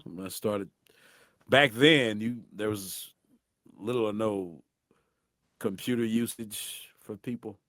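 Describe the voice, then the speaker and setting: A middle-aged man from St. Louis with a deep voice, telling animated stories as a guest voice actor in a casual interview. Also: measured pace, no echo, studio quality. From St. Louis, USA. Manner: animated, acts out voices in anecdotes.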